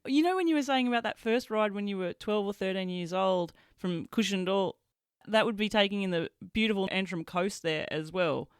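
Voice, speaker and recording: A woman's voice: medium pitch, brisk, smooth, dry recording, studio quality. A woman hosting a casual interview, telling anecdotes and laughing often. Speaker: podcast host.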